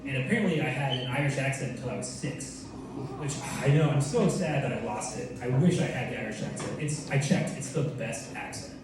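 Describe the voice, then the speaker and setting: A young man performing a stand-up comedy set in a loose, playful way, slipping in quick put-on voices. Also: mid-range voice. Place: comedy club stage with audience laughter. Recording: roomy, distant club recording with loud room noise.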